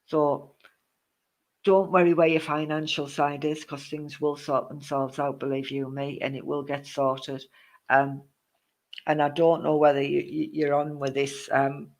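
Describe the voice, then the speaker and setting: A man giving a live-streamed psychic reading, reassuring the viewer with endearments and greeting others as they join. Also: a little high. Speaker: psychic medium.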